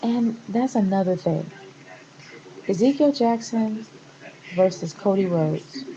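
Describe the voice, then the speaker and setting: A woman's voice: mid-range voice, animated, slow, mellow, lo-fi sound. A woman vlogger giving a passionate, exasperated rant in a casual rambling style, often restarting her sentences. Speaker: wrestling vlogger. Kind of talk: casual opinion rant to camera.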